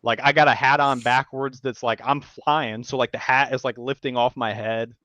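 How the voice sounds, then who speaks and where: A man tells a story in a casual podcast chat, swearing freely and acting out the people he quotes with lively energy. His voice sits at an average pitch. The recording is dry and a little dull. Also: normal speed, no echo. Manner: animated storyteller, swears a lot, acts out quotes. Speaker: podcast host.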